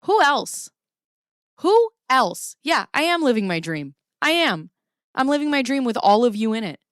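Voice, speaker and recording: A woman's voice: fairly high pitch, very animated, moderate pace, clean tone, no room sound, studio quality. Chatty, profane woman livestreaming from her basement. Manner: profane, chatty, laughs often. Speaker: livestream host. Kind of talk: casual livestream commentary. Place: home basement. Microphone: camera pointed at herself.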